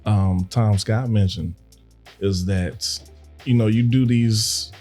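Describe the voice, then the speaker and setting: A man's voice: on the low side, steady tone, slow, a little mellow, faint music behind. A man co-hosting a podcast in casual chat, laid-back and slangy. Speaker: podcast co-host.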